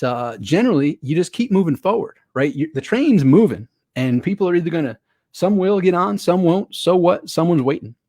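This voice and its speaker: A man giving an energetic motivational business webinar, talking conversationally and repeating key phrases with rhetorical questions. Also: a little high, no room sound, clean studio sound. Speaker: online business coach.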